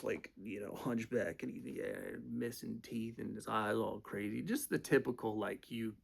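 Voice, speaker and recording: A man's voice: medium pitch, creaky. A man telling casual, profane, rambling stories, full of fillers. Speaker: storyteller. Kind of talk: casual storytelling.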